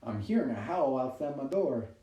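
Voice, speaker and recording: In a roomy, distant home recording with faint noise, a comedian live-streams a quarantine stand-up monologue. His medium-pitched voice is expressive with a dark tone and normal speed, and he rambles, mocks himself, and laughs often at his own jokes.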